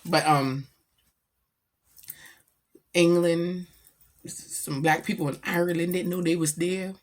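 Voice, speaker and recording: A middle-aged woman chatting casually about her daughter, animated and slangy as she tells stories. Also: on the low side, slow pace. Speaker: vlogger, mother. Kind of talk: casual chat.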